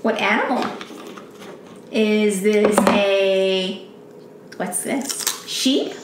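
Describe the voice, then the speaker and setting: A woman patiently teaching her toddler at home, repeating simple questions and giving warm praise. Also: mid-range voice, very slow, background noise. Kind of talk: homeschool teaching, one-on-one with a child. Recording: roomy room sound with music behind.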